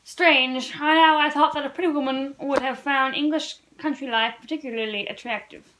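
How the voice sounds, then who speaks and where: A woman's voice: sits high, steady tone, normal speed, slight background noise, poor audio. A woman reading as a sly, gallant Frenchman. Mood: mock-polite. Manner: quiet, smoothly gallant, mock-polite. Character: shrewd, sly middle-aged French man, gallant. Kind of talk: read-aloud storybook dialogue.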